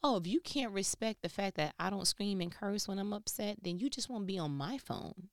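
Animated woman talking into her phone. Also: mid-range voice, normal speed, dry recording, clean studio sound. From New York. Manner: animated storytelling, swings from loud to hushed. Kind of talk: casual motivational talk to a phone.

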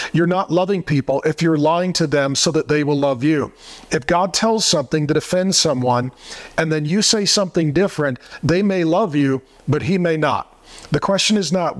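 A man preaching a sermon as a pastor, delivering it in a forceful, combative way. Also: on the high side.

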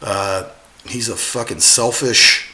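A man swearing constantly as he tells animated work stories in a casual podcast chat. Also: on the low side, slow pace. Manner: heavy swearing, animated storytelling. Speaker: podcast guest.

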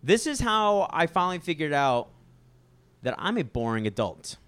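Young man, podcast co-host, animated storyteller, smooth clear voice, dry close sound. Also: a little high, moderate pace, no echo. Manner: animated, acts out other people's lines. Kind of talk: casual storytelling chat.

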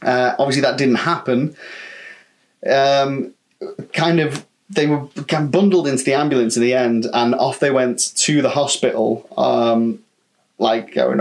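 A man's voice: medium pitch, steady tone, normal speed. Chatty man telling stories. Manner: chatty, swearing, acts out quotes. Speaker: podcast co-host, former holiday rep. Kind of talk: casual storytelling chat.

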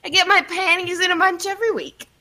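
A woman's voice: extremely high pitch, fairly even intonation, quick pace, bright, forceful tone. A woman joining a comedy podcast with playful, flirty quips. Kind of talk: casual comedic banter.

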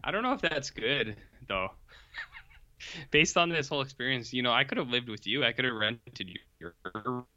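Casual podcast co-host, man, rambling delivery, forceful tone, dull lo-fi sound. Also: mid-range voice, expressive, moderate pace. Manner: rambling, self-interrupting. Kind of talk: casual chat over a video call.

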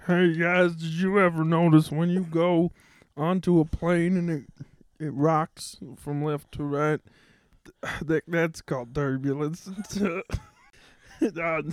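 Awkward corny stand-up guy, a man putting it on, slow halting delivery, stumbles on uh a lot, clean dry sound. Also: fairly high pitch, smooth, no echo. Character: bumbling male stand-up comic, awkward and corny. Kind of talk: improvised comedy podcast bit.

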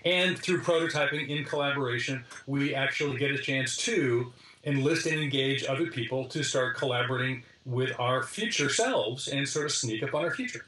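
A middle-aged man, a design lecturer as interview guest, telling stories in a lively way with frequent restarts and list-like summaries. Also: medium pitch, moderate pace. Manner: lively, restarts phrases, summarizes points in lists. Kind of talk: animated interview storytelling. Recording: roomy, from a distance.

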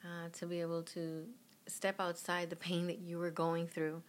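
A middle-aged woman being interviewed, telling a personal story in an animated way and acting out what people said. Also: on the low side, moderate pace, slight background noise. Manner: animated, acts out quoted voices. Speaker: guest, mother of a patient.

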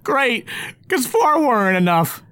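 Storybook goblin: scrappy, small, squeaky and excitable, dry close sound. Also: male voice, takes it slowly, dry recording, exaggerated voice. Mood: sarcastic. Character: scrappy little male goblin adventurer.

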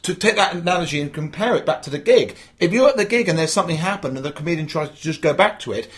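A man's voice: on the high side, lively intonation, fast. A man, a stand-up comedian, talking through his craft in an interview over a video call, emphatic and storytelling, acting out quotes. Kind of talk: animated interview chat. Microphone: video call mic.

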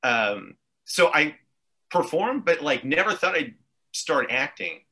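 A man's voice: fairly high pitch, big pitch swings, takes it slowly, sharp tone. A man from Montreal telling long, tangential stories in casual chat, swearing freely as he goes. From Montreal, Canada. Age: adult with three children. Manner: rambling, tangential storytelling with frequent swearing. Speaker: podcast guest, actor.

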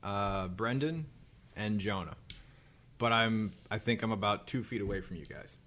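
A man's voice: on the low side, normal speed, noisy background. A man co-hosting a podcast in casual chat, adding joking remarks and laughing a lot. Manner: joking interjections, frequent laughter. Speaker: podcast co-host.

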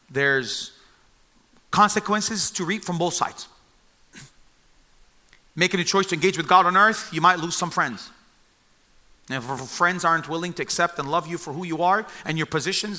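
A man delivers a sermon in a high, piercingly bright voice. He retells a Bible story with animated storytelling, acting out the lines of the people in it. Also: normal speed, long pauses. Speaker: preacher.

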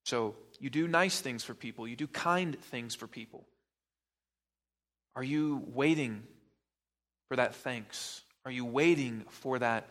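A man's voice: mid-range voice, takes it slowly, long pauses, fairly bright tone. A man preaching a sermon as pastor, pressing the listener with probing rhetorical questions and emphatic repetition.

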